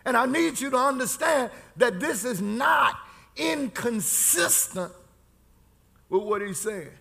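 A man preaching a sermon in call-and-response style, shouting key lines and drawing out words. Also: very high-pitched, lively intonation, slow pace, gravelly, husky.

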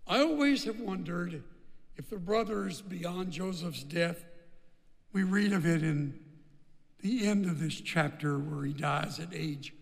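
A man's voice: high-pitched, a little slow, creaky, in a large hall. A man preaching a sermon as pastor, emphatic and repeating phrases for stress.

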